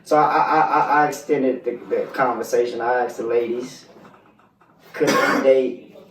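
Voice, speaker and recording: A young man co-hosting a podcast, stating blunt opinions and trailing off quietly. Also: medium pitch, fairly even intonation, a little slow, a little hiss or hum. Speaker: podcast co-host. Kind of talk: casual chat. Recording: echoey room, mic at a distance.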